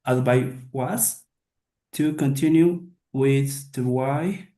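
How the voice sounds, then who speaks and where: A man's voice: medium pitch, slow pace, mellow, reverberant. A man, an English student, reading a passage aloud in class, hesitating and correcting himself. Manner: hesitant, correcting his own words.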